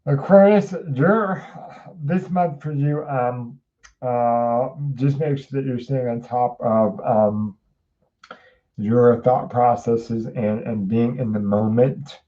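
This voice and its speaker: Guy doing a laid-back tarot livestream, slow and rambly, kinda muffled lo-fi audio. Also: mid-range voice, warm tone. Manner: rambling, many fillers and restarts, chatty with viewers. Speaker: host. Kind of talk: casual livestream tarot reading.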